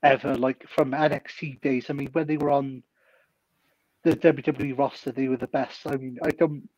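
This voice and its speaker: A man's voice: mid-range voice, flat delivery, normal speed, darkish tone, no echo, rough recording. A man co-hosting a casual podcast, rambling through strong opinions. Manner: rambling, opinionated fan talk. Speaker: podcast co-host. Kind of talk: casual chat.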